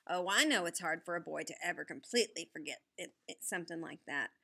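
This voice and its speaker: A woman's voice: fairly low pitch, animated, fairly quick, bright, forceful tone. A woman reading a folksy old country grandpa. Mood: gentle, earnest. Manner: folksy, drawling country talk. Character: kindly excitable old grandfather, storekeeper. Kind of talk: audiobook character reading.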